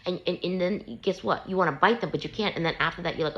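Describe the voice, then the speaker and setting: A woman's voice: fairly low pitch, quick pace, muffled recording. A woman, a parent, giving self-help advice to camera in a casual, earnest, repetitive coaching way, recorded on a phone she holds. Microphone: handheld phone.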